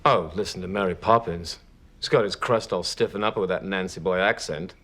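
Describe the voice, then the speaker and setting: A man's voice: low voice, a little fast, a bit bright. An actor playing an indignant, flustered Englishman who sputters out a string of curses, speaking with an English accent. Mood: exasperated. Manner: sputtering, swearing in exasperation.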